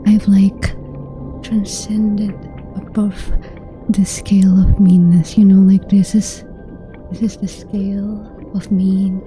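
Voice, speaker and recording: A woman streamer whispering to her chat in a soft ASMR style, slow and unhurried. Her tone is dark and mellow, playfully teasing and full of giggles. Faint music drifts behind her. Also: medium pitch, flat delivery.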